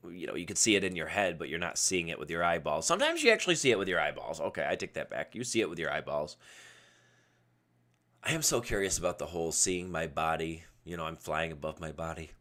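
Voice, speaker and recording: Low-voiced, rambling man podcasting. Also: fairly bright tone. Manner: rambling, goes off on tangents. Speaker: podcast host. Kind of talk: casual solo livestream podcast. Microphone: webcam setup at a computer.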